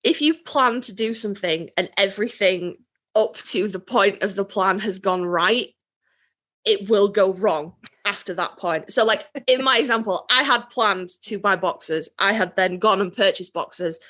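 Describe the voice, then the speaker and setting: A British woman co-hosts a podcast in casual, candid chat. Her voice sits at a middle pitch, and she swears now and then and laughs through her words. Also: normal speed, a bit bright. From Britain. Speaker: podcast co-host.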